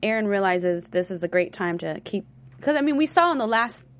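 A woman's voice: medium pitch, lively intonation, fairly quick. A young woman hosting a casual TV recap chat, giggly and rambling. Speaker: host.

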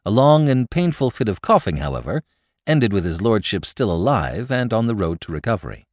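A man narrating classic fiction in a wry, expressive storytelling manner. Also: lowish voice, a little fast, no echo, clean studio sound. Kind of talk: audiobook reading of classic fiction.

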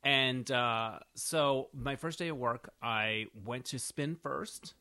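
A man in his thirties co-hosts a casual podcast, spinning loose anecdotes with an easy laugh. His voice is bright and forward at a middle pitch. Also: takes it slowly. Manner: chatty storyteller, laughs easily. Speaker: podcast co-host. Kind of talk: casual chat.

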